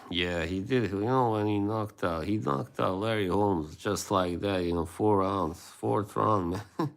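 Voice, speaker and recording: Deep, slow-talking man chatting with viewers. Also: gravelly. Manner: rambling, laughs often, reacts to chat. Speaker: livestream host. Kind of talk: casual chat with viewers.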